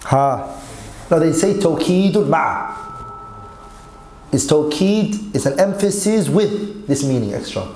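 A man's voice: on the high side, animated, takes it slowly, long pauses, darkish tone, echoey room, a little hiss or hum, low-quality recording. A man teaching Arabic grammar in an online lesson, quizzing his students and mixing Arabic quotes with English.

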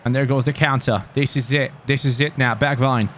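A gaming YouTuber, a man commentating his own football game, casual and chatty, yelling when his team scores. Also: medium pitch, brisk, slight background noise. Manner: excitable, yelling at goals. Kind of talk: live gameplay commentary.

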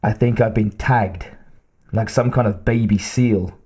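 A male narrator voicing an injured, blunt, profane male police detective with a gruff, curt delivery. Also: lowish voice, steady tone, unhurried, dark tone.

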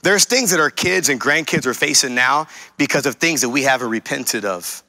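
Man preaching with a forceful, bright voice. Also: mid-range voice, moderate pace. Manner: emphatic preaching that repeats key lines and addresses the congregation. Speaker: pastor. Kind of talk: sermon.

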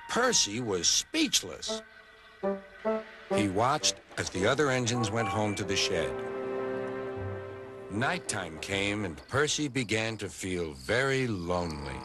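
An American man narrating a children's TV story in an expressive, storybook manner. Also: on the low side, takes it slowly, long pauses. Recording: music bed under the voice.

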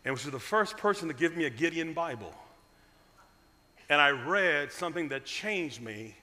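A man from Cleveland preaching a storytelling sermon, with humor and dramatic swings from loud to hushed. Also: a little high, lively intonation, normal speed. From Cleveland, USA. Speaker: guest preacher. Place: church sanctuary. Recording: long reverb of a church sanctuary.

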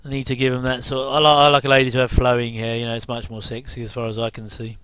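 Chatty man, smooth dry voice. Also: medium pitch, flat delivery, rapid-fire, a bit bright, no echo. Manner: chatty, jokey asides with chuckles. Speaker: commentary host. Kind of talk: casual watch-along commentary.

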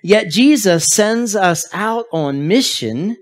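Guy preaching sunday sermon, kinda high voice, tells stories, gets loud then quiet. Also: animated, takes it slowly. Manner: storytelling, varies loudness for emphasis. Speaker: pastor.

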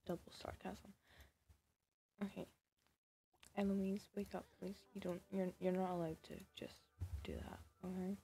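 A woman's voice: mid-range voice, flat delivery, measured pace, vocal fry, pauses often, warm tone, breathy edge. A woman giving casual, sarcastic commentary over a life-sim game, scolding the characters and often dropping to a whisper. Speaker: gaming video creator.

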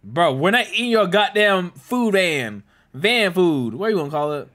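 A young man hosting a casual movie reaction, excitable and slangy, laughing and swearing as he talks to viewers. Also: high voice, moderate pace. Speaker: reaction host.

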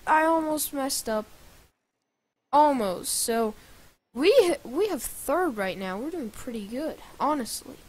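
A woman giving casual, excitable gameplay commentary with loud exclamations. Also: fairly high pitch, measured pace. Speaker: gaming channel host.

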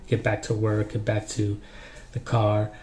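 A young man giving casual relationship advice in a relaxed, rambling way, with lots of ums and you-knows. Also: lowish voice, unhurried, a little hiss or hum. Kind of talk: casual advice talk to camera.

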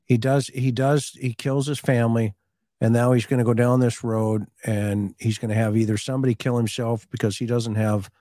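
A man's voice: mid-range voice, little pitch movement, normal speed, warm tone, no echo, clean studio sound. A middle-aged man, a co-host and former hostage negotiator, chatting casually about a true-crime case and telling a story in which he acts out both sides of a conversation.

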